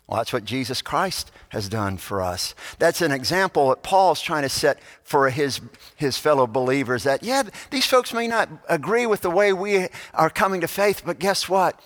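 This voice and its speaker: A male pastor with a fairly bright, high-side voice gives a sermon full of stories, acting out the voices of the people in them. Long church reverb surrounds his speech.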